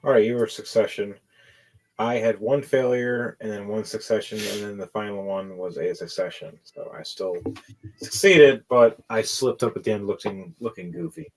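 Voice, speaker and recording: A man running a tabletop game as game master, telling the story in a rambling, excitable and profane way. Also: fairly low pitch, moderate pace, poor audio.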